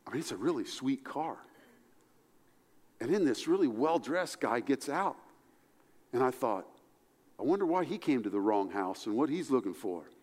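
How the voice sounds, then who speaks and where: A man preaching a sermon as pastor, animated, his voice climbing high for emphasis and falling low and soft. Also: in a large hall.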